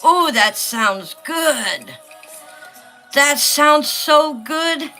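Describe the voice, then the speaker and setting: Very slowly and with an animated delivery, a middle-aged woman chats on her casual livestream, coloring and reading comments from viewers. Her voice sits high and sounds bright and forceful over faint background music.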